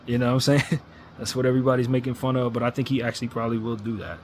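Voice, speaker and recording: A man's voice: mid-range voice, flat delivery, rapid-fire, a little hiss or hum. A man ranting as a sports fan commentator, blunt and frustrated, hammering his points with repetition.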